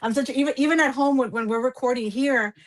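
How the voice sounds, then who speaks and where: Woman guest singer from Texas; effusive, emotional, quick to laugh at herself, voice sitting a little high. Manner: emotional, effusive, self-deprecating. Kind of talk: casual radio interview.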